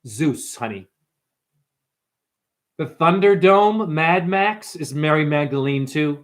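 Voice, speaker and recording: A man's voice: fairly high pitch, expressive. Brash, profane man livestreaming. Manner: profane, brash, calls viewers honey and dumbass; jumps between topics, quick asides. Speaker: livestream host. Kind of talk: rambling livestream talk to chat.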